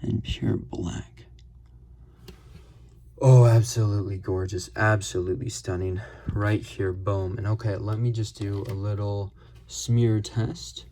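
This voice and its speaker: A man casually reviewing a pen on camera, rambling and excited, full of fillers and gushing exclamations. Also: on the low side, moderate pace, a little hiss or hum. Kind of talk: casual unscripted product review. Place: at a desk.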